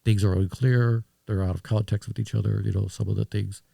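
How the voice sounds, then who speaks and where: A man's voice: on the low side, steady tone, a little fast, gravelly, mellow, no room sound, clean studio sound. A man talking as a podcast guest in casual conversation, reflective and rambling with restarts.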